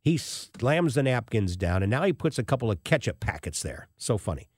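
A man hosting a talk radio show, telling a personal story in an animated way and acting out the people he quotes. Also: medium pitch, normal speed, breathy edge, no room sound, studio quality.

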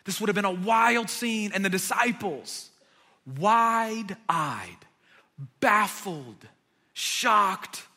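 A man's voice: high voice, animated, extremely slow, sharp tone, big-room sound. A man preaching a sermon, retelling a scene with vivid dramatic emphasis. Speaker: pastor.

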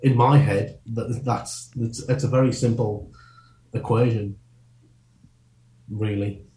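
A man talking as a comedian guest in a casual interview, quick and rambling, often breaking off and restarting his sentences. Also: fairly low pitch, steady tone, warm tone, echoey room.

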